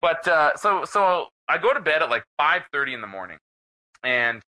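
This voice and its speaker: A man's voice: on the high side, normal speed, low-quality recording. A middle-aged man co-hosting a podcast, telling a rowdy story in a loose, profane, laughing way. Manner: animated, profane, laughs while telling stories. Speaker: podcast co-host. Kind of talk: casual storytelling chat.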